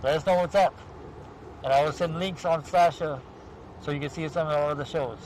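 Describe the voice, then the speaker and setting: A man's voice: a little high, steady tone, brisk, a little mellow, slight background noise, rough recording. Chatty man hosting outdoors at night. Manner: chatty, laughs at his own jokes. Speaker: show host. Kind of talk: casual chat.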